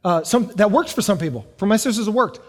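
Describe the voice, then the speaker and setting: A man's voice: high-pitched, lively intonation, fast talker. A middle-aged male pastor from the United States preaching a sermon, telling family stories and acting out the voices in them. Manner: storytelling, acting out family scenes. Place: church hall. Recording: long hall reverb.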